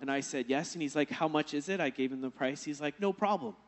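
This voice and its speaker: A man's voice: a little high, fairly even intonation, quick pace. A male pastor preaching a sermon, telling a personal story and then building to emphatic exhortation.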